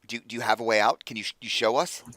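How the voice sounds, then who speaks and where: A man's voice: on the low side, expressive, brisk, sharp tone, no room sound. A man voicing a frantic, foul-mouthed male captive who stammers in panic. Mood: frantic, angry.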